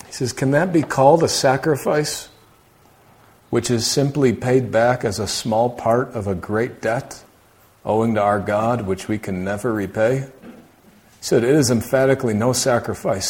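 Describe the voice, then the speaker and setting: A man preaching a sermon in a conversational way, asking rhetorical questions and often dropping his voice low for emphasis. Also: a little mellow.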